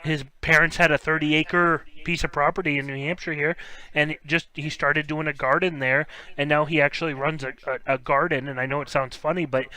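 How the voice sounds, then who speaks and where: A man chats casually on a livestream with lots of enthusiasm. His voice is fairly high, bright and smooth. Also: steady tone, a little fast. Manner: chatty and enthusiastic, laughs often. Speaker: card break host.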